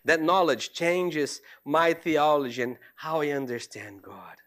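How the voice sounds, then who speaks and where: A middle-aged man, a theology professor, giving a reflective lecture with personal stories, in an earnest, halting way full of restarts. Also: fairly high pitch, fairly bright tone.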